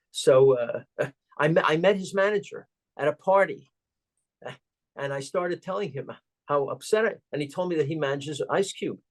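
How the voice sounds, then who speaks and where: An older man, a guest on an interview show, telling a story in a halting, anecdotal way with many fillers and chuckles. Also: on the high side. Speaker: guest, organization president.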